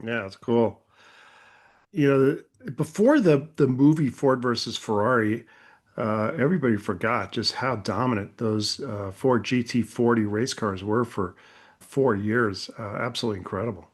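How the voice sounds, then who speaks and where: Relaxed male podcast host. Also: medium pitch, normal speed. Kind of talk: casual podcast chat.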